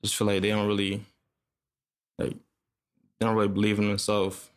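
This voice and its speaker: A young man from upstate New York, a music producer talking in a laid-back, halting way with lots of fillers. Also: on the low side, completely flat delivery, clean tone. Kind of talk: casual interview chat.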